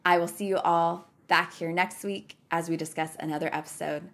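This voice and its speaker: A woman's voice: lowish voice, fairly even intonation, normal speed, creaky, a bit bright. A woman hosting a podcast, talking openly to listeners in an earnest, personal motivational style, repeating phrases for emphasis. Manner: addresses listeners as y'all. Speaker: podcast host.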